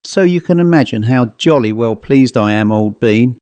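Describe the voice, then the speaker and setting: A man doing a jovial Victorian squire with a bluff upper-class manner, low and mellow. The voice is dry and close, as in a read ghost story. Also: lively intonation, moderate pace, no room sound, lightly acted. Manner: bluff upper-class, calls friends old bean. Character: jovial hearty Victorian country gentleman.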